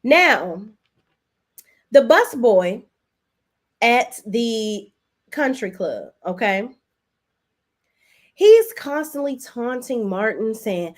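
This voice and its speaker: A woman's voice: fairly high pitch, slow, long pauses. Chatty woman recapping soaps to her chat. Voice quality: chatty, animated, talks to chat directly. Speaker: host. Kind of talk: casual live-stream soap opera recap.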